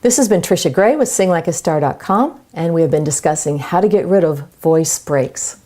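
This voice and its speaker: A woman vocal coach explaining voice breaks in a clear, measured way and demonstrating singing exercises. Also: deep voice, expressive, warm tone. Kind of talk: instructional voice lesson.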